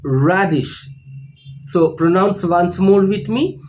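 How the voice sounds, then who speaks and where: A man gives a pronunciation lesson in a high voice. He speaks slowly and deliberately and repeats each word clearly so learners can follow. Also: animated, a little hiss or hum, low-quality recording. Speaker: English teacher.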